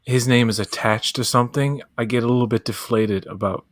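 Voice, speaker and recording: A man's voice: medium pitch, fairly even intonation, brisk, no echo, clean studio sound. A man, blunt and sweary, co-hosting a casual late-night chat show. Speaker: podcast co-host.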